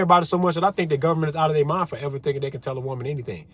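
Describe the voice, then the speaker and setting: A man's voice: fairly high pitch, steady tone, rapid-fire, hardly any pauses. Profane fired-up male ranter. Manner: fired-up, swearing, talks straight to viewers. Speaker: political commentary vlogger. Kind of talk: profane ranting commentary.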